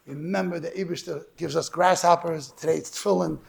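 Gravelly fast-talking man preaching. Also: a little high. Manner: animated, rushed, sprinkled with Hebrew and Yiddish terms. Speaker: religious lecturer. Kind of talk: storytelling sermon.

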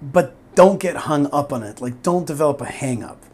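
A man raised in the US talking casually as an interview guest, animated and repeating himself as he restarts. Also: moderate pace, breathy edge. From born in Israel, raised in the US. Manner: animated, repeats words and restarts, emphatic swings in pitch.

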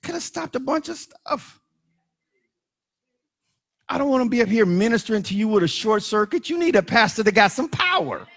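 Expressive and gravelly, this middle-aged pastor preaches at normal speed with long pauses. His voice sits high and bright, falling to hushed asides and rising into sung and shouted lines.

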